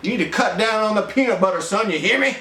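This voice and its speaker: A stern military father barks orders at his son in a raised, higher voice, as a man puts him on. The room around him rings with echo. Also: expressive, quick pace, pushed and bright, slight background noise, exaggerated voice. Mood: scolding. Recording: roomy echo.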